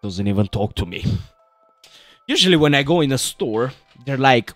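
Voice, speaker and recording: A young man gives loose, joking commentary over a horror game, peppering his lines with "bro". His voice swings widely up and down in pitch. It sits dry and close on the mic, with faint music playing behind him. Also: sing-song, normal speed, no echo. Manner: joking, chatty, keeps saying "bro". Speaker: gaming video host.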